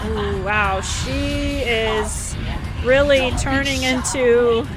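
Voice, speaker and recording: A woman streaming herself playing a horror game, giving excitable live commentary and shrieking and shouting at enemies. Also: a little high, unhurried, crowd noise. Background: game music.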